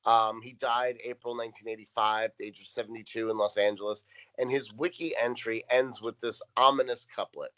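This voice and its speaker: Male co-host, bright voice, casual rambling recap. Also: on the low side, a little fast, low-quality recording. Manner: rambling, reads out notes with frequent ums. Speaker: podcast co-host. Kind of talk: casual chat recapping a sitcom episode.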